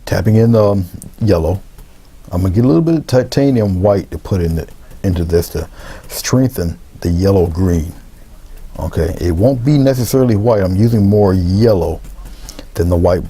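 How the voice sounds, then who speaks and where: A man giving a relaxed, unscripted painting lesson, talking through each step with fillers and restarts. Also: low voice, husky. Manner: relaxed, thinking aloud with many fillers and restarts. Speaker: painting instructor. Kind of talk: casual painting tutorial.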